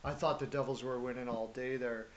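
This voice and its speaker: A man's voice: mid-range voice, fairly even intonation, a little fast, muffled recording, a little hiss or hum. A man hosting a casual hockey chat show, upbeat and jokey as he greets viewers and talks through picks. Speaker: show host.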